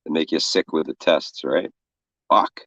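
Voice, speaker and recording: A man's voice: very deep voice, a little slow, a bit bright, no room sound, dull audio. A man from New York with a stuffy cold, casually hosting a livestream and greeting the chat with loose profanity. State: congested with a cold. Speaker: livestream co-host. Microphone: separate room, remote feed.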